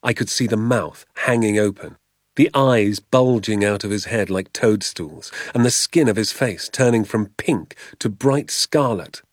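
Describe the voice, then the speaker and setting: A male audiobook narrator with a fairly low voice reads a storybook in a measured, expressive manner. The recording is close and dry, with no echo or room sound around it.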